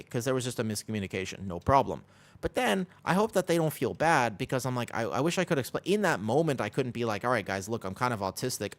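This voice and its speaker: A man chatting casually with his viewers as he streams an online game, rambling with lots of "like" fillers and breaking off for quick game callouts. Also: mid-range voice, fairly bright tone. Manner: rambling, many "like" fillers, talking to chat between game callouts. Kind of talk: casual chat while livestreaming a game.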